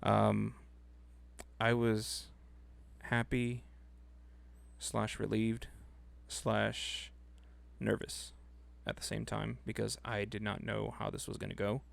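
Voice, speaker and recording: Low gravelly laid-back man. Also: slow. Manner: relaxed, laid-back, swears casually. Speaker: podcast co-host. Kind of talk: casual chat.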